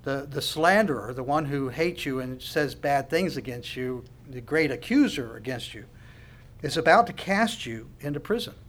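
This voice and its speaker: A man preaching a sermon with passion, dropping to hushed asides and building to loud declarations. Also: medium pitch, lively intonation, moderate pace. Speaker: pastor.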